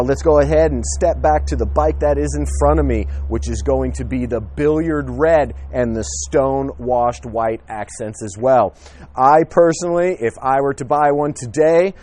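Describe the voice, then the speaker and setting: Man, dealership presenter, casual outdoor walkthrough, eager and chatty, mid-pitched voice, handheld camera. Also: darkish tone, no room sound. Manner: friendly, enthusiastic, with frequent fillers.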